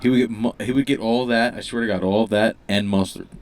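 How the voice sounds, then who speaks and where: A man's voice: lowish voice, fairly even intonation, brisk, vocal fry. A man co-hosting a podcast in casual chat, giggly and laughing often. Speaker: podcast co-host.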